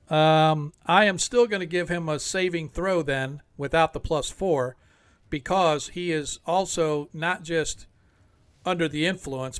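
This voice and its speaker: A man's voice: a little high, fairly bright tone, clear, resonant tone. A man running a tabletop role-playing game as game master, easygoing and rambling with frequent fillers, over an online voice call.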